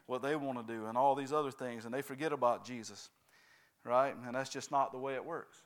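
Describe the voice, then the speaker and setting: A man's voice: medium pitch, fairly even intonation, fairly quick. A man preaching a sermon, constantly checking in with his congregation by asking "right?" and "amen?".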